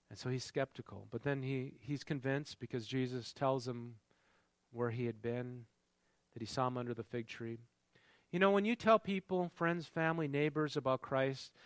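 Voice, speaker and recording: A pastor with a mid-range voice preaches a sermon conversationally, with no room sound in the recording. He keeps things engaging by often quizzing the congregation with questions.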